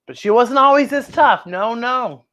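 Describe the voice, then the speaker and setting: Woman reading a picture book to kids, lively sing-song pitch, chatty asides. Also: a little slow, a little hiss or hum. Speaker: children's story host.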